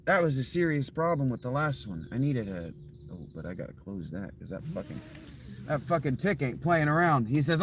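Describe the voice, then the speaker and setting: A man's voice: mid-range voice, big pitch swings, moderate pace, a little hiss or hum. A man streaming a survival game live, chatting casually with viewers in a dry, offhand, often profane way. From Ohio.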